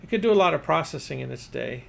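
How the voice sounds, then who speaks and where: A man's voice: fairly high pitch, animated, quick pace, creaky, fairly bright tone, heavily acted. A man voicing a formal, brainy new boy who talks about science with precise wording.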